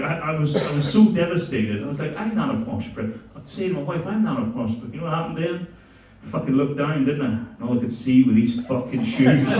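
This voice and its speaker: A man's voice: on the high side, slight background noise. Profane comedian in his forties. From Belfast, Northern Ireland. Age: 40s. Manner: crude, animated storytelling. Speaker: stand-up comedian. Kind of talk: stand-up comedy. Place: comedy club stage. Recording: echoey club room, mic from far.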